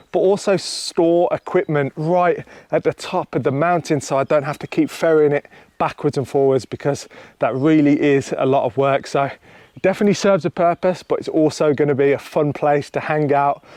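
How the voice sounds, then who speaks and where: A man's voice: a little high, darkish tone, dry recording. A young man vlogging outdoors on a hillside, chatty and enthusiastic as he talks to camera. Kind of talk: casual vlog to camera.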